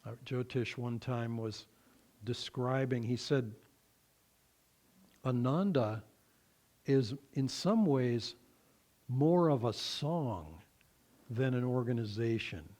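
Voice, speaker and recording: Male minister, mid-pitched, slow reflective sermon delivery with gentle humor. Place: church service.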